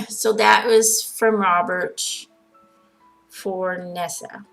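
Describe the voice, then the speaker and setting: Woman medium chatting thru questions, giggly, slow talker, faint music behind. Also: medium pitch, steady tone, vocal fry, rough recording. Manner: chatty, giggly, relays a spirit's words. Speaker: spiritual medium answering follower questions. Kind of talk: casual channeled Q&A monologue.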